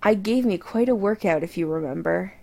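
A tender, teasing man from a read-aloud romance, as a woman reader puts him on. He speaks softly and intimately, with a gravelly edge. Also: mid-range voice, a little fast.

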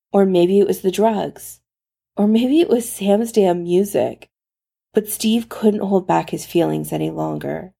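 A woman narrating a story aloud in a slow, intimate way. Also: fairly low pitch, vocal fry, dark tone, breathy edge. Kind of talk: reading fan fiction aloud.

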